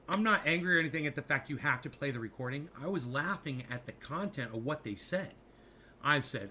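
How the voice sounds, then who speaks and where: A man chatting casually with his audience, telling stories in an animated way with a lot of swearing and joking asides. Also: fairly high pitch, normal speed, a little hiss or hum. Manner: animated storytelling, frequent swearing, jokey mock-advert asides. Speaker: streamer. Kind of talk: casual rambling chat.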